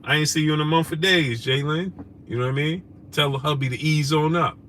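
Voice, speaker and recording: A man from New with a bright, forceful voice hosts a loose live stream, greeting viewers by name in casual slang. A faint hum of noise sits behind him. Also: on the high side, a little fast. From New York. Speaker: host. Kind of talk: casual live-stream chat, reading super chats.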